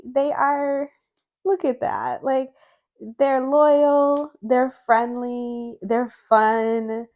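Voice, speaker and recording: A woman vlogger chatting casually and rambling as she reviews tarot decks, laughing often and restarting her sentences. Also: fairly low pitch. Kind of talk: chatty casual video response.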